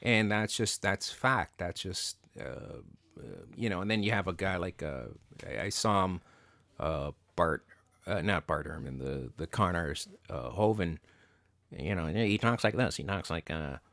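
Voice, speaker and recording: A man's voice: deep voice, measured pace, creaky, dry recording. A man hosting a casual chat, talking bluntly and profanely, with lots of fillers and restarts. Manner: blunt and profane, animated rants. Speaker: podcast host.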